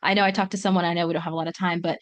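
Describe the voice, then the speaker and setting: A woman speaking as an expert guest in a podcast conversation, earnest and quick, with frequent "like"s and restarts. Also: lowish voice, little pitch movement, highs cut off. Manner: earnest, fast, with many "like"s and restarts.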